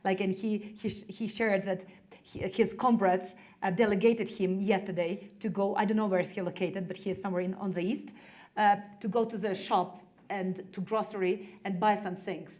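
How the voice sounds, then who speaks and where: A woman in her thirties from Ukraine with a Ukrainian accent, giving earnest personal testimony to an audience in halting English full of "like" fillers. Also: mid-range voice, steady tone, darkish tone. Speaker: executive director speaking to an audience. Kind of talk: personal testimony, conversational speech.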